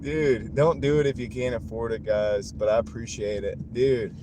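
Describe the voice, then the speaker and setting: Driving while he live-streams, a delivery driver speaks in a warm, steady, medium-pitched voice at a moderate pace with few pauses. He chuckles often as he reads and answers viewer comments in casual chat, picked up by a wireless clip-on mini mic over road noise from the moving car.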